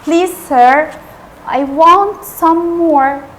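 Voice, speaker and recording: A woman voicing a frightened, hungry orphan boy who begs timidly in a slow, weak voice. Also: very high voice, a little hiss or hum, heavily acted, low-quality recording. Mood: pleading. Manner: timid, pleading.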